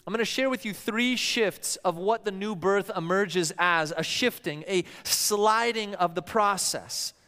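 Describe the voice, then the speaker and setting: A male pastor preaches in a high, clear, smooth voice, his words ringing out with a long reverb through a church hall. He tells stories and slips into the voices of the people he quotes. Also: measured pace, hardly any pauses, pushed and bright. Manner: storytelling preacher who acts out quoted voices. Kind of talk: sermon.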